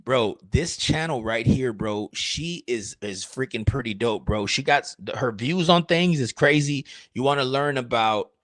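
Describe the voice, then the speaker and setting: A man's voice: medium pitch, a bit bright, no echo. A man, a streamer and rapper, chatting casually in a rambling, crude, joking way. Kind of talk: casual livestream chat.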